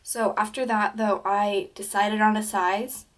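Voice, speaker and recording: A woman's voice: mid-range voice, flat delivery, measured pace. A teenage girl giving casual advice to camera, talking chattily with lots of "like" and "um", and acting out the conversations she describes. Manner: chatty, peppered with "like" and "um"; acts out quoted conversations in livelier voices. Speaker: vlogger.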